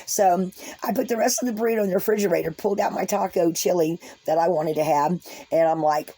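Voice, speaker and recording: A woman's voice: lowish voice, brisk, warm tone, husky. A woman vlogger casually telling a story to her viewers, folksy and rambling, with frequent restarts and asides.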